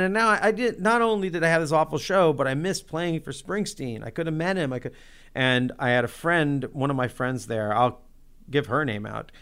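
A man tells a story from his life as a musician in a loose, excitable way, full of "like" and self-mockery. His voice is smooth and resonant, sitting at an ordinary male pitch. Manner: excitable, self-deprecating, heavy use of "like". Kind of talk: casual personal storytelling.

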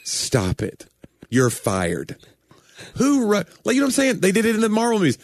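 Animated ranting man, lively pitch. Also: moderate pace, no echo, clean studio sound. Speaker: podcast co-host. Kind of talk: casual comedic chat.

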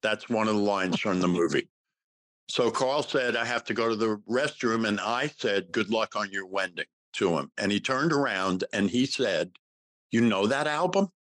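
A man's voice: fairly low pitch, animated, normal speed, a bit bright, no echo, low-quality recording. A man in his sixties, a guest actor in a casual interview, telling a story and acting out the quoted dialogue.

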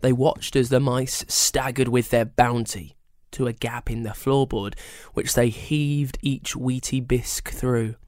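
A storyteller reading a children's story in an expressive, animated way. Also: medium pitch, measured pace, no echo, studio quality.

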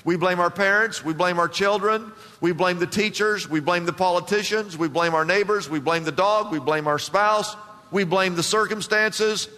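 This pastor's voice sits high and sounds bright and forceful, moving at a moderate pace. He preaches emphatically to the congregation, repeating lines and prompting them to respond, while the sanctuary's long reverb trails each phrase.

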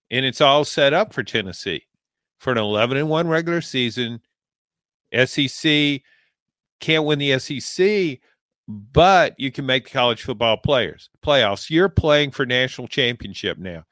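A man from Louisiana gives college football analysis in a calm, reflective way, often pausing on fillers as he works through a thought. His voice sits at an ordinary pitch, and the recording is dry and close. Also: dry recording. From Louisiana, American South. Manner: measured, reflective, with frequent fillers. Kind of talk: sports talk commentary.

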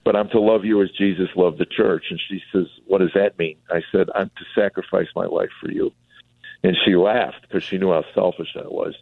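A man's voice: deep voice, steady tone, normal speed, gravelly, slightly rough, dry recording. A middle-aged comedian telling his life story on a radio talk show, acting out the voices of people he quotes. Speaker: comedian and author guest. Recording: tinny phone line.

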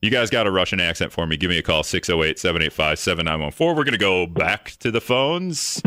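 Low, bright-voiced male radio host. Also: lively intonation, fast talker, dry recording, studio quality. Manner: rambling, joking, self-mocking. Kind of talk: casual talk radio. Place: radio studio. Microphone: studio microphone.

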